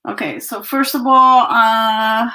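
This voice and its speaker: Slow-talking bright-voiced woman. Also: a little high, steady tone. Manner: slow, chatty, breathless with little laughs. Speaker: guest artisan. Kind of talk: casual show-and-tell. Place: home, on a video call. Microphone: video call.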